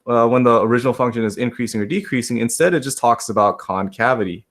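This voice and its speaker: A male math teacher talks his class through a problem in a relaxed way. He keeps checking in with "right?", says his students' names and jokes a little at his own expense. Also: mid-range voice, fast talker. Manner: casual, checks in often with "right?"; talks to students by name, self-deprecating asides. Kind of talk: live classroom lesson.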